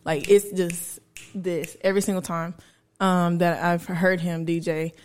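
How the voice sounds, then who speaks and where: A woman's voice: on the low side, flat delivery, measured pace, darkish tone. A young woman, a DJ guest telling stories in a laid-back, slangy way on a podcast. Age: young adult. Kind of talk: casual podcast chat.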